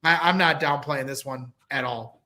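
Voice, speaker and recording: A man's voice: mid-range voice, moderate pace, sharp tone. A man appearing as a guest on a sports podcast, talking football in an emphatic, speech-like way. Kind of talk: casual sports talk.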